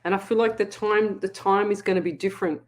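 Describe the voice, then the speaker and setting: A woman's voice: mid-range voice, steady tone, brisk. A woman hosting a live psychic call-in show, chatting easily, laughing often and reading out listeners' comments. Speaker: psychic medium radio host.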